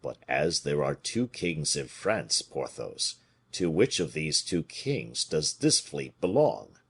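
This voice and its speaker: A man reading an audiobook voices a scheming bishop who speaks in a bland, measured, quiet way. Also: a bass voice, very animated, slightly rough, heavily acted. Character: calm, scheming male bishop, Aramis.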